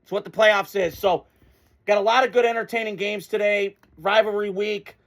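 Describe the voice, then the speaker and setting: A man's voice: high-pitched, fairly even intonation, normal speed. A man hosting a casual sports reaction video, talking in a blunt, fired-up way and swearing freely.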